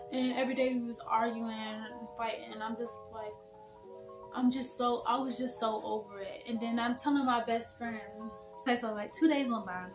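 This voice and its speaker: Animated young woman telling a storytime. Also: a little high, roomy sound. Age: teens. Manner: animated, emphatic, addresses viewers as y'all. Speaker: vlogger. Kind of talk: storytime vlog.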